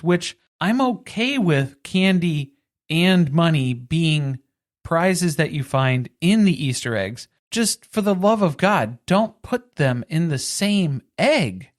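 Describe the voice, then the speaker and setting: A woman's voice: deep voice, no room sound. A woman co-hosting a podcast, recapping a reality show in casual chat with dry, sarcastic humor. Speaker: podcast co-host.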